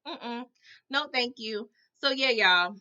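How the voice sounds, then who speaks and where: An animated woman chats through a TV episode recap with dramatic flair, punctuating her lines with "okay?" and "all right?". Her voice is bright and sits a little high. The audio is dull and lo-fi. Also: slow. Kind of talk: casual recap commentary.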